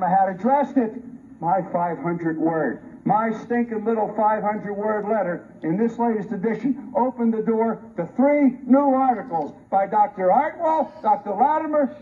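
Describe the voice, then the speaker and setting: A man, a forensic pathologist, giving a combative, sarcastic, emphatic debate speech to a colleague. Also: high-pitched. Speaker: forensic pathologist on a review panel. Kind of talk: heated public debate speech. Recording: muffled lo-fi archive recording with faint hiss.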